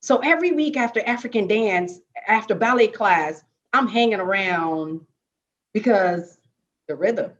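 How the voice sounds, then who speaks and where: A woman's voice: mid-range voice, measured pace. A woman raised in Jamaica speaks on a panel, her voice sitting in an ordinary middle register. She tells her story with animation and keeps pulling the listener in. The sound is a little dull and lo-fi. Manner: lively, animated storytelling with many rhetorical "right?"s. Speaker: dance panelist.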